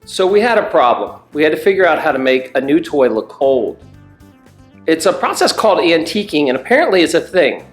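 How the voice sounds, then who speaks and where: A man's voice: fairly high pitch, big pitch swings, a little fast, soft background music. A man hosting a crafts vlog, narrating in a plain, matter-of-fact way. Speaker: channel host. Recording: roomy echo.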